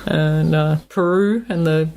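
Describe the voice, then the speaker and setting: A middle-aged woman, hosting a podcast interview in a relaxed, chatty way and laughing often. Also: low-pitched, takes it slowly. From New Zealand. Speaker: podcast host. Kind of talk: casual interview chat.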